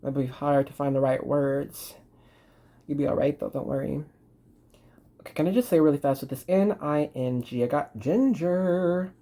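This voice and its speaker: A woman's voice: a bass voice, fairly even intonation, moderate pace, pauses often, mellow. A woman from Texas, doing a chatty, reassuring intuitive card reading to camera. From Dallas, Texas. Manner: chatty, reassuring, trails off mid-sentence. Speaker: tarot reader and spiritual channeler.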